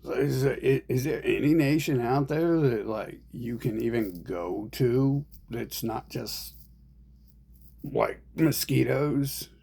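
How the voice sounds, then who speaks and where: A man's voice: medium pitch, slow pace, gravelly, dark tone, a little hiss or hum. A man ranting in a rambling monologue, profane and agitated, speaking as an online commentator.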